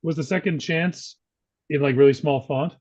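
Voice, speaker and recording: A man's voice: fairly high pitch, normal speed, dull audio, a crowd in the background. A man co-hosting a casual business talk show, reading points from notes and then asking his partner questions. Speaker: podcast co-host.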